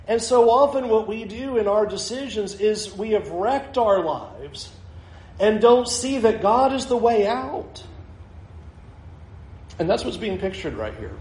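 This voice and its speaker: A man preaching a sermon as a pastor, expressive and slowing down to stress key lines. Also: high-pitched. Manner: expressive preaching, slows for emphasis. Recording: echoey room.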